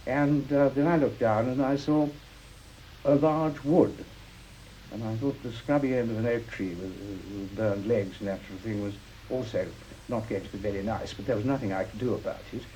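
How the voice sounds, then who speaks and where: Older man, mellow and understated. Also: medium pitch, slight background noise, poor audio. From Britain. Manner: understated, halting, with many uhs. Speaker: interviewee, war veteran. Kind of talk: personal recollection.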